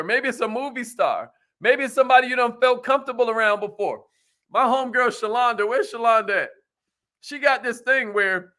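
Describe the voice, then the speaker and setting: A man hosting a motivational talk, energetic and playful, with slangy banter aimed at a live audience. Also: extremely high pitch. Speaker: motivational show host.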